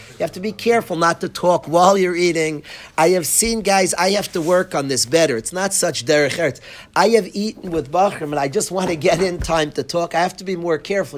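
A man gives a Torah lecture to students. He speaks earnestly, repeating his points and mixing in Hebrew and Yiddish terms. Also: high-pitched. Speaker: rabbi teaching in a yeshiva.

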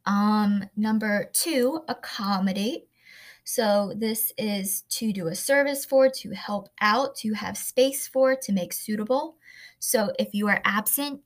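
A woman teacher recording a vocabulary lesson, slowly pronouncing each word and explaining it with everyday examples. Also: medium pitch. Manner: slow, careful pronunciation drills.

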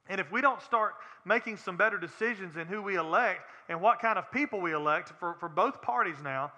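A man's voice: high-pitched, sharp tone, long reverb tail. A man preaching a sermon as pastor, earnest and plain-spoken, asking the congregation direct questions.

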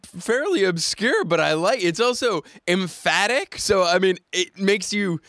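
A man's voice: sits high, lively intonation, unhurried, a bit bright, dry recording. A man guesting on a podcast, chatty and sarcastic, laughing often as he talks. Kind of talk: casual chat.

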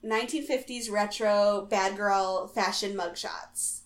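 A woman's voice: medium pitch, steady tone, slow. A woman co-hosting a podcast, summarizing a show in casual recap chat with plenty of fillers. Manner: matter-of-fact summarizing with fillers. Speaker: podcast co-host.

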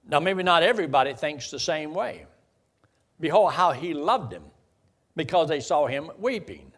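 A man's voice: fairly high pitch, lively intonation, normal speed, a bit bright. A man preaching a sermon in a conversational way, building to emphatic bursts. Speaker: pastor.

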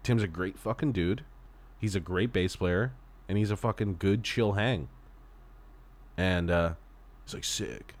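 A man with a very deep voice talks in a loose, laid-back way. He tells stories with easy laughter and casual swearing, like a host chatting with a friend. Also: unhurried, long pauses. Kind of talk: casual chat.

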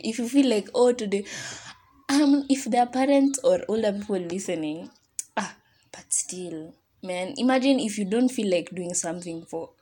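A woman's voice: medium pitch, mellow. A young woman hosting her own podcast, talking casually and encouragingly to listeners, full of fillers like "like". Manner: chatty, heartfelt, encouraging, with many "like" fillers. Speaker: podcast host. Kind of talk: casual solo podcast talk.

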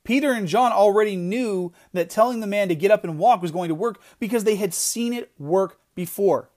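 On a podcast, a middle-aged man offers an earnest devotional message with emphasis, often beginning his phrases again. His voice sits high and is a little mellow, and his pace is moderate.

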